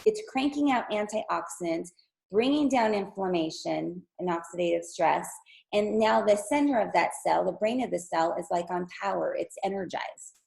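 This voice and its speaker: A wellness presenter, her voice lowish and darkish with vocal fry, talks at a normal pace as she gives an eager, persuasive product pitch over a video call. She addresses her viewers as "you guys" while her voice is giving out, and the recording quality is low.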